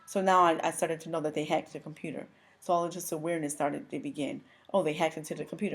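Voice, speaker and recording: Low-voiced woman giving a halting testimony. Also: little pitch movement. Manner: halting, full of restarts and pauses; earnest and emotional. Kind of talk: personal religious testimony.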